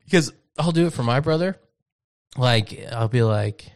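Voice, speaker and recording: A man's voice: mid-range voice, animated, moderate pace, dry recording, studio quality. A young man in casual chat, teasing and acting out quotes. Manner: laughing, teasing, acts out quotes.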